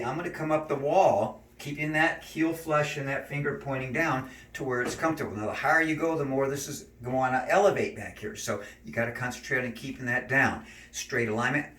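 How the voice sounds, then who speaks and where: Calm man coaching stretches in a roomy space. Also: mid-range voice, far from the mic. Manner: calm, cueing slow breathing and gentle moves. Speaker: stretching instructor. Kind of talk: exercise demonstration. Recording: roomy, from off mic.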